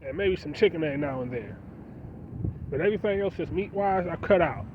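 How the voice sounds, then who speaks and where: A man's voice: a little high, lively intonation, fairly quick. A man talking casually to his viewers in a preachy monologue, firing off rhetorical questions. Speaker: vlogger. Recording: dull lo-fi sound with faint street noise.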